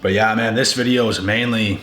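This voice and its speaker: Young man, lowish voice with a bright, forceful edge, blunt profane rant, echoey room. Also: fairly even intonation, fairly quick, slight background noise. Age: young adult. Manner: profane, emphatic, repeats himself. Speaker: video creator. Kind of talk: blunt casual rant to camera. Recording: echoey room with faint ambience.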